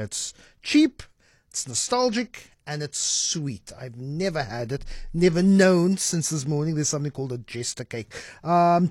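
A man hosting a radio talk show in a lively, animated way. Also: fairly high pitch, dry recording, clean studio sound. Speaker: radio host. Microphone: studio mic.

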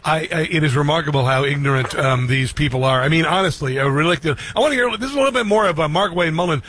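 A man hosting a talk radio show, indignant and prone to loud outbursts, in a casual back-and-forth with a co-host. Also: a little high, fast, a little hiss or hum.

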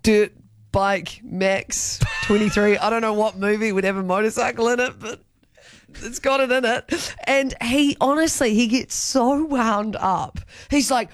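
A woman's voice: on the high side, measured pace. A woman co-hosting a breakfast radio show, chatting casually and animatedly and laughing often. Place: radio studio.

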